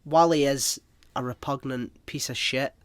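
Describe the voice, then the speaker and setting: A man's voice: medium pitch, steady tone, normal speed, smooth, dry recording. A man co-hosting a podcast in casual chat, rambling and hesitant, with many fillers. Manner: rambling, hesitant, acts out quotes loudly. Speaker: podcast co-host.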